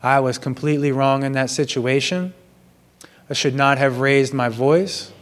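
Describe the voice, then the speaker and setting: Earnest guy talking slow about his regrets, middle pitch, gym. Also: fairly even intonation, clear, resonant tone. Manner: earnest, apologetic, slow and measured. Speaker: vlogger sharing personal confessions. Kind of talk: reflective personal monologue.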